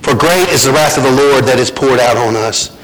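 A man preaches a sermon in church as the pastor, speaking earnestly with rhetorical questions and repeated words. His medium-pitched voice is fairly bright in tone and a little fast. The recording has long reverb and faint noise.

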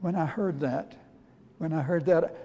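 A man preaching as the apostle Peter, a humbled middle-aged fisherman telling his own story in the first person, earnest and halting. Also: on the high side, mellow. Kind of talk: dramatic first-person sermon monologue. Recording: long reverb of a large hall.

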